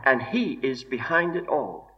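A man preaching an expository sermon in a slow, measured way, weighing each word with deliberate emphasis. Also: medium pitch, sing-song. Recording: dull lo-fi recording.

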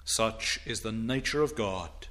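A man preaching a sermon in formal, old-fashioned diction, building to loud, emphatic declamation as he reads scripture. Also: lowish voice, a little slow.

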